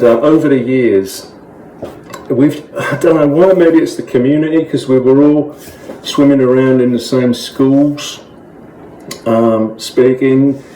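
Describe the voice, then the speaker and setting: A man's voice: medium pitch, mellow, roomy sound, slight background noise, voice pushed up, lightly acted, low-quality recording. A man voicing a chatty male carp with a Cockney East London accent, rambling through a comic monologue to camera. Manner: rambling, matey storyteller.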